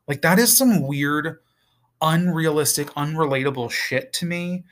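A man's voice: on the high side, measured pace, fairly bright tone. Male vlogger, casual and profane, exasperated rambling delivery. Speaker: TV reviewer. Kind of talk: casual review vlog.

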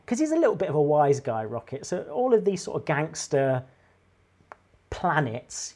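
A man in a casual podcast chat, pitching a game idea in a rambling, enthusiastic way with many restarts. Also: dark tone. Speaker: podcast co-host.

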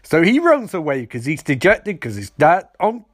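A man's voice: on the high side, huge pitch swings, moderate pace, fairly bright tone, slightly rough, no echo, studio quality. A man casually recapping a TV episode with rambling, sarcastic asides.

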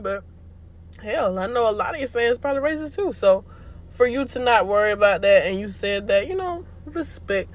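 A woman's voice: on the high side, a bit bright. A young woman hosting a casual solo podcast, chatty and slangy, laughing and joking as she talks. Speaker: podcast host.

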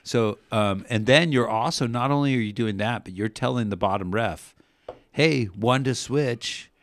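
Podcast co-host, very low voice, dry close mic, rambling storyteller, curses casually. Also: male voice, normal speed, no room sound. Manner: rambling storyteller, swears, animated when recounting yelling. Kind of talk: casual sports podcast chat.

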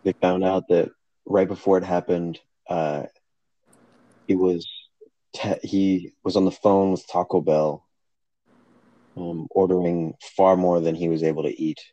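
A man's voice: sits low, level tone, a little slow, pauses often, dark tone, no room sound, muffled recording. A young man co-hosting a casual podcast, joking and swearing, laughing often, talking on a phone. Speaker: podcast co-host. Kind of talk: casual chat.

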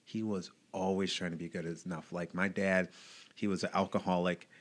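A man's voice: deep voice, level tone, normal speed. A man in his late thirties, an evangelist and motivational speaker, talking openly and reflectively as a podcast guest and laughing often. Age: late 30s. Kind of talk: casual chat.

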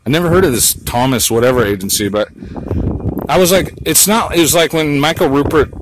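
A man's voice: fairly high pitch, brisk, background noise. A man talking to his phone while walking outdoors, rambling and crude, muttering asides to himself. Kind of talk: rambling monologue vlog.

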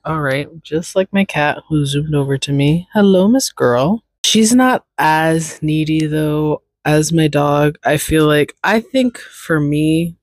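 A woman's voice: low voice, darkish tone, no room sound. A woman hosting a casual solo podcast, rambling chattily and stopping to talk to her cat. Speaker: podcast host.

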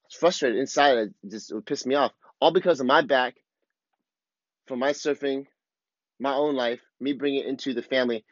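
Brisk and mid-range, this father vlogger in his thirties talks frankly about his struggles in a confessional way, dropping casual swears. The recording is dry with lo-fi sound.

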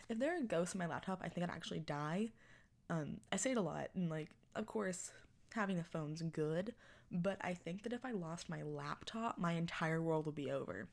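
A woman in her early twenties hosting her own podcast in casual chat, rambling and self-mocking, laughing often. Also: on the low side. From Texas. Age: 20s. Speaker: podcast host.

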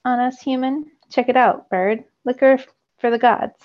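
A woman's voice: a little high, fairly even intonation, moderate pace, pitched above the performer's own voice, close to an everyday voice. A woman doing a sneering teen bully. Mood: mocking. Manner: sneering, taunting. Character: mocking teenage bully boy, arrogant. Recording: slightly dull lo-fi recording.

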